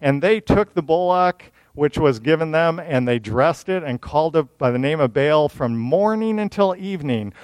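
A man's voice: a little high, normal speed, few pauses, no echo. Man preaching on a scripture passage. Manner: reads scripture then explains it in plain everyday words; mocking, animated asides. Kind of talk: sermon with scripture reading.

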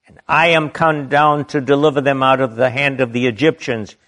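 A man preaching from the Bible, reading verses slowly and deliberately and stopping to add emphatic comments of his own. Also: medium pitch.

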